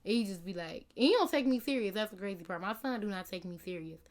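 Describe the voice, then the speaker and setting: A woman's voice: mid-range voice, lively intonation, fast. Young woman, casual vlog chat, rambling, lots of fillers. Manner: rambling, many "like" and "you know" fillers. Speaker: vlogger.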